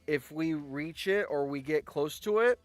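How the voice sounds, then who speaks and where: An excitable male channel host and streamer reacts aloud to a game in casual commentary, his voice a little high and unhurried. He drops to low mutters, then bursts into shouts, with faint music underneath and no room sound.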